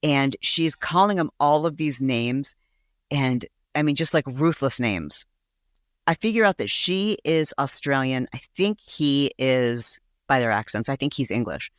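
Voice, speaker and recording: A woman's voice: very deep voice, animated, measured pace, no room sound, clean studio sound. A woman hosting a podcast, telling a story in a casual, gossipy way and acting out voices in quotes. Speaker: podcast host.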